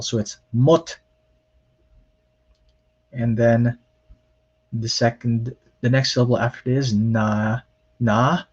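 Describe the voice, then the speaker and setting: Slow, patient male language lecturer. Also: mid-range voice, dull audio. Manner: slow, explanatory, with frequent ums and pauses. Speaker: Hebrew lecturer. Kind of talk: recorded lecture.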